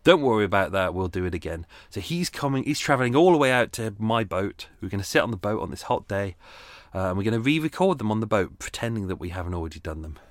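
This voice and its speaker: A man hosting a podcast, chatting in a loose, rambling way and often laughing at himself as he restarts his sentences. His voice sits on the low side, and the room is very dry, with no echo. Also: lively intonation, fast. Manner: chatty, rambling, self-deprecating, with frequent restarts. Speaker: podcast host. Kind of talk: casual chat. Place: at home on a boat.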